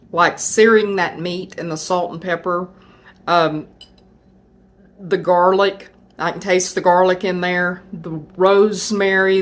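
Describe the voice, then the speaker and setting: A woman hosting a home cooking video, talking in a chatty, folksy way as she shows a dish. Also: fairly low pitch. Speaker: home cooking channel host. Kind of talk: casual cooking demonstration.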